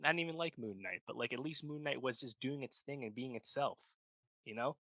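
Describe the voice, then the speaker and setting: Bright-voiced man rambling through a review. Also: medium pitch, fairly quick, no echo. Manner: rambling, full of "like" and "you know, right?". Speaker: podcast co-host. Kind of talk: casual chat.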